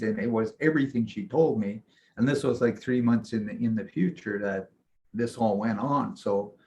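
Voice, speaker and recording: A man, a shaman and mentor, casually telling a long personal story in a rambling, animated way, often acting out what he said. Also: mid-range voice. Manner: rambling, animated retelling with frequent "I'm like".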